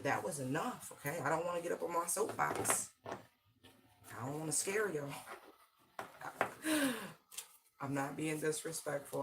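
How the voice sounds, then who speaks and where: An intense, slangy tarot reader giving a livestream reading and talking straight to viewers. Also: medium pitch. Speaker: tarot and channeled-message reader.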